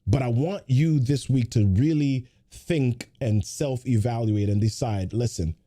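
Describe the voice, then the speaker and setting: A man's voice: mid-range voice, a little slow, dark tone. A man hosting a weekly motivational livestream, giving a pep talk full of repeated rhetorical questions and chatty greetings to viewers.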